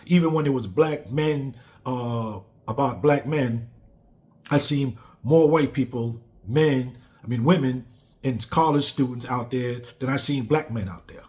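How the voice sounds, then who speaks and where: A man's voice: medium pitch, a little slow, darkish tone. A man giving a blunt, emphatic casual monologue on politics, repeating phrases for stress. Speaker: commentator.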